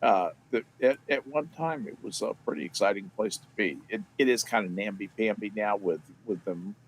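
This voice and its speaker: A man on a panel show, recounting history in a casual, expressive way, with occasional swearing. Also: lowish voice, moderate pace, a little hiss or hum, poor audio.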